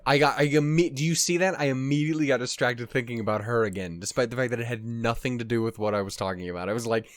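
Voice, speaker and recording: A man's voice: mid-range voice, steady tone, quick pace, hardly any pauses, dry recording, clean studio sound. A young man casually rambling and swearing while reacting to an anime at his desk at home. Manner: rambling, profane, laughs often.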